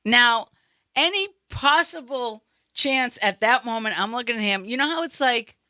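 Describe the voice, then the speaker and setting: A woman with a bright, lifted voice, a little higher than most, recorded close and dry. She tells a bawdy story in a casual way, laughs often and acts out the people in it. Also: expressive, normal speed, no room sound. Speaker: comedy podcast host.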